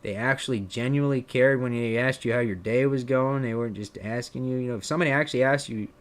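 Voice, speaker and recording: A man from Pennsylvania with a drawn-out, slightly southern accent, musing in a casual live-stream chat, full of fillers and restarts. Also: medium pitch. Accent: Pennsylvania, with a drawn-out southern drawl. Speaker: streamer and content creator.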